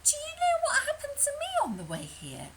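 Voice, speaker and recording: A woman squeaking as a silly panicky hen. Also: huge pitch swings, fairly quick, heavy background noise, exaggerated voice. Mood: alarmed. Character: silly panicky female chicken.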